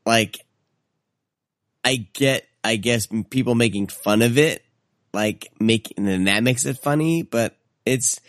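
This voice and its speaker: A man co-hosting a film podcast, speaking in a hesitant, halting way. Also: mid-range voice, fairly bright tone, no echo, clean studio sound. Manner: hesitant, halting, searching for words. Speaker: podcast co-host. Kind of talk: casual film podcast chat.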